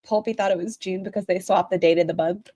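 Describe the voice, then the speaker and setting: A woman's voice: on the low side, steady tone, quick pace, dark tone, slight background noise. A woman streamer giving blunt, opinionated commentary while reacting to another stream and talking to her chat.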